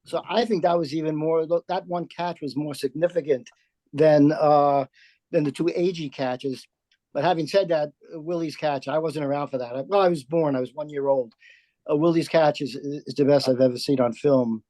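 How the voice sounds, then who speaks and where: A man's voice: on the high side, fairly even intonation, moderate pace, dark tone, dry recording. A man in his seventies reminiscing in a rambling way as an audience member on a video call. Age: 70s. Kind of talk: casual remarks on a video call.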